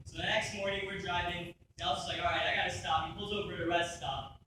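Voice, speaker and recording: A young man telling a stand-up story on a theater stage, with quick asides and quoted voices. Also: high-pitched. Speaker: stand-up comedian. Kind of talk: stand-up set. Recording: echoey room from far off with noise. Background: audience laughter.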